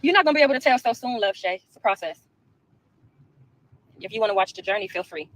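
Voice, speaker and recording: A woman chatting on a livestream from a car, calm and a little preachy as she lectures viewers. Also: medium pitch, fast. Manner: calm, preachy, laughs easily. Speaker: livestream co-host. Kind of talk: casual livestream chat. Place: inside a car. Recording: noisy phone stream.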